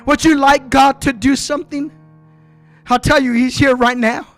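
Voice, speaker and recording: A man's voice: very high voice, steady tone, moderate pace, soft background music. A male pastor preaching an impassioned Pentecostal altar call, rhythmic, punctuating phrases with uh. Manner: impassioned, rhythmic, with repeated uh breaths. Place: church sanctuary.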